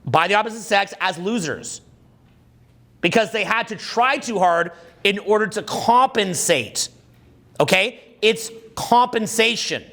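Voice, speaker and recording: High-voiced, crude joking seminar man. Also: expressive, measured pace, pushed and bright. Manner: crude, joking, quizzes the audience. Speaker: dating coach. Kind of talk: live seminar talk.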